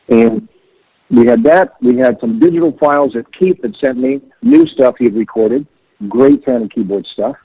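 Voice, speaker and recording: A middle-aged man tells his stories with lively swings in pitch, jumping into the voices of the people he quotes. His voice is gravelly and a bit husky. It comes through a narrow, tinny phone line with a dry sound. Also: normal speed. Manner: animated, acts out quoted voices. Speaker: musician guest. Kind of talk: storytelling interview over the phone.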